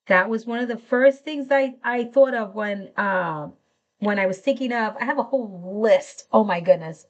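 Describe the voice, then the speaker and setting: A woman's voice: a little high, highs cut off. A middle-aged woman hosting a live craft tutorial, chatting enthusiastically and greeting viewers by name as she works.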